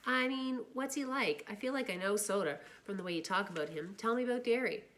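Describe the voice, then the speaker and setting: A woman voicing a poised, insistent teenage girl in a book reading, lifting her voice higher for the part. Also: brisk, a bit bright, slight background noise, natural voice. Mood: curious. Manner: higher, urgent voice.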